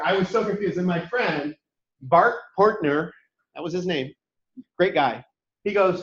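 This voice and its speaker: A boisterous, loud man instructor giving an online workshop talk, mixing lessons with personal stories. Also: sits high, lively intonation, moderate pace. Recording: echoey room, dull lo-fi sound.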